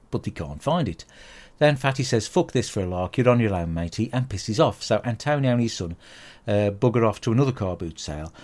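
British male host, lowish pitch, crude cursing comic rant about films. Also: darkish tone. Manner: crude, sweary, grumbling rant. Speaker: podcast host. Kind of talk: comic film review monologue.

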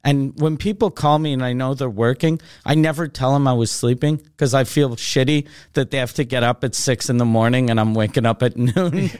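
A man's voice: mid-range voice, a little fast, hardly any pauses, smooth, no echo, clean studio sound. A man in his thirties, a comedian hosting a podcast, telling a story in casual chat, swearing a lot and acting out both sides of the conversation. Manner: animated, swears constantly, acts out both sides of dialogue.

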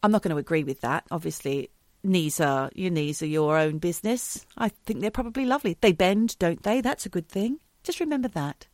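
A woman on a podcast, chatting casually and reading out facts in a wry, deadpan way, swearing now and then. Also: fairly low pitch, fairly quick, dry recording, clean studio sound. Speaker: podcast co-host.

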